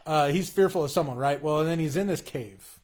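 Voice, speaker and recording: A man in a casual, earnest conversation about faith, talking in halting bursts with frequent restarts. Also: fairly high pitch, darkish tone.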